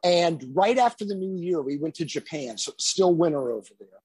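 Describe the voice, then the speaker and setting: A man spins a tour story in a casual, animated way, his pitch swinging freely. His voice is husky. The recording is dry and close. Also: brisk, dry recording. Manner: animated anecdote telling, lively. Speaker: guest musician.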